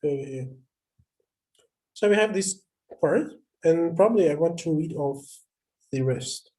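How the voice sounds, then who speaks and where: A man's voice: a little high, animated, measured pace, dark tone. Hesitant man teaching over a video call. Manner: thinks aloud with frequent hesitations and restarts. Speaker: instructor. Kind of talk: live online lecture with screen sharing.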